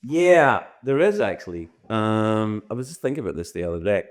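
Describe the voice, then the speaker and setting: A man's voice: fairly low pitch, sing-song, moderate pace. A Scottish man in his sixties, a podcast guest who answers in rambling, self-deprecating stretches and restarts his sentences often. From Scotland. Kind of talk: podcast interview.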